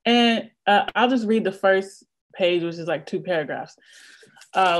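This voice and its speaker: A young woman with a Southern accent, a visiting poet giving a casual craft talk over a video call, quick and chatty with many restarts. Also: mid-range voice, a little hiss or hum. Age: young adult.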